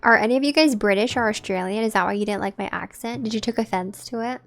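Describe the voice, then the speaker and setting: A woman's voice: mid-range voice, quick pace, creaky. Just a woman streaming a game, talking to her chat, chatty and easygoing, a bit of music in the back. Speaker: live streamer.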